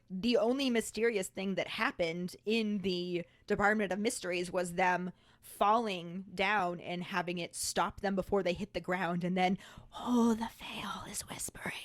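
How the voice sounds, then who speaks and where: A woman's voice: lowish voice, no room sound. A woman co-hosting a podcast, chatting casually and acting out quoted lines. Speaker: podcast co-host. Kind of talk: casual chat.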